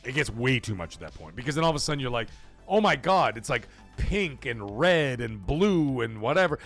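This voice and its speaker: A man's voice: medium pitch, very animated, fairly quick, fairly bright tone, faint music behind. A man hosting a casual livestream from a home game room, rambling, swearing, laughing often and reading chat aloud. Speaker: livestream host.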